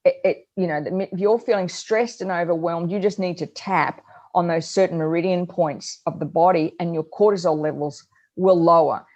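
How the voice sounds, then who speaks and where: A middle-aged woman, co-hosting a parenting advice chat and telling stories in an animated way. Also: lowish voice, normal speed, muffled recording. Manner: animated storyteller, acts out her own yelling. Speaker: co-host.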